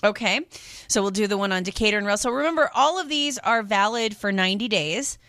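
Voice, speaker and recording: A woman's voice: medium pitch, expressive, brisk, fairly bright tone, dry recording. A woman hosting a radio shopping show, chatting casually and rambling between calls with lots of fillers, from a studio microphone.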